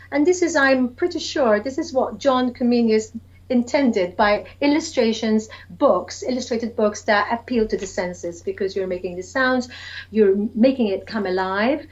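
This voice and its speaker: Woman teacher chatting about storybooks, a bit high voiced, muffled lo-fi sound. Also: darkish tone. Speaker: early years educator. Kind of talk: casual chat about reading to children.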